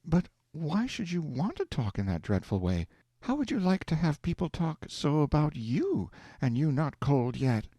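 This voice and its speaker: A man reading aloud, voicing a prim, thrifty wife who speaks gently and reprovingly. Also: on the high side, sing-song, moderate pace, no room sound, pitched above the performer's own voice. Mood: shocked.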